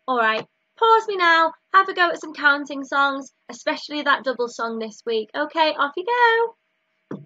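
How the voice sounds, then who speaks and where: A woman teaching a recorded maths lesson to young children in a slow, sing-song, encouraging way. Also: high-pitched, animated, sharp tone, no echo, lo-fi sound. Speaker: early years teacher.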